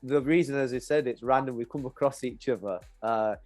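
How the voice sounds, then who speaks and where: A man's voice: mid-range voice, fairly quick, darkish tone, soft background music. A man hosting a podcast in a casual chat, laughing often and calling his guest brother. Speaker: podcast host.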